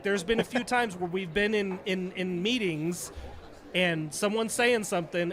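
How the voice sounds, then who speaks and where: A man's voice: high voice, a bit bright. A middle-aged man, a retired Navy chief, casually telling a story on a podcast and acting out the dialogue.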